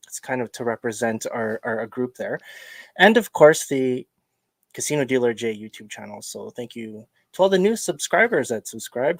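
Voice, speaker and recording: A male podcast host in relaxed livestream chat, mid-pitched and loose, tossing out greetings to viewers between ums and uhs. His voice sits close and dry, with little room around it. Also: no room sound. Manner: chatty and joking, greets viewers, many fillers.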